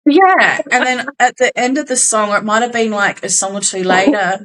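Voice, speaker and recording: A woman's voice: medium pitch, moderate pace, few pauses, fairly bright tone, low-quality recording. A young Australian woman co-hosting a podcast, telling a gig story in casual chat, acting out quotes and swearing casually. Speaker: podcast co-host.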